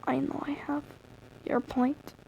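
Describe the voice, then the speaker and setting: Brief: woman reading as a sly, smirking young man; quiet, smug, slow. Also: high voice, little pitch movement, creaky, slight background noise, heavily acted, rough recording. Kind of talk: reading fan fiction aloud.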